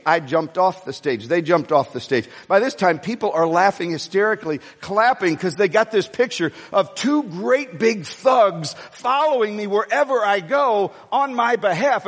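Male pastor, high voice, animated storyteller mid-sermon, long hall reverb. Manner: storytelling, animated, swinging between low asides and raised emphasis.

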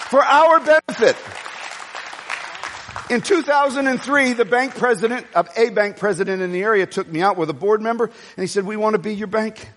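A man preaching a sermon as pastor, telling stories animatedly and swinging between quiet asides and raised, emphatic lines. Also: high-pitched. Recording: long reverb of a large hall.

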